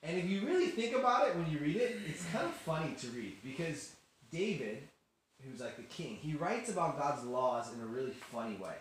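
A man's voice: fairly high pitch, moderate pace. Chatty man teaching youth, echoey room. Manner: chatty, animated, acts out quotes with laughs. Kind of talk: youth Bible lesson. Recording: very echoey room, faint hiss.

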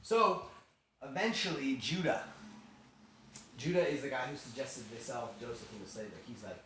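A man retelling a Bible story in a casual, animated way, acting out the quotes. It is recorded in a very echoey room from far off. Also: medium pitch, normal speed, a little hiss or hum. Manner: animated, chatty, acts out quotes.

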